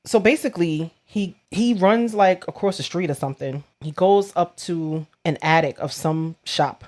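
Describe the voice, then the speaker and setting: A woman co-hosting a podcast, casually recapping a book chapter with animated storytelling, slangy asides and playful swearing. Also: on the low side, normal speed. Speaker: podcast co-host.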